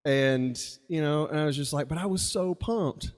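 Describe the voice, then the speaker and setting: A man's voice: fairly high pitch, normal speed, darkish tone. A man from Mississippi, telling a rambling, casual story at a live open mic with chuckling asides. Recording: long reverb of a live venue.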